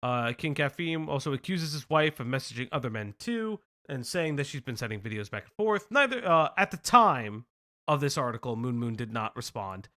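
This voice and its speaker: A young man hosting a casual live stream, reading news aloud with animated, profane joking asides. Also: mid-range voice, moderate pace. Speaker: stream host.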